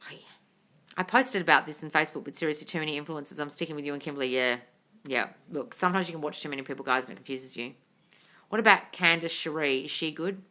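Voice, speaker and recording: Deep-voiced and quick, a woman with a bright, forceful tone runs a live stream. She reads comments from viewers out loud and responds bluntly in a casual way, with plenty of swearing and frequent use of "darling."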